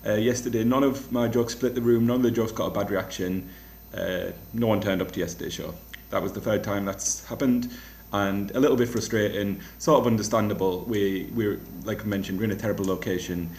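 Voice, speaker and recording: A young man talks through his week in a loose, self-mocking ramble, tripping over restarts. His voice sits low, and the room around him rings with echo. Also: brisk, a little mellow, slight background noise. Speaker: comedian vlogger. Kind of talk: casual rambling vlog. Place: rented flat. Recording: echoey room.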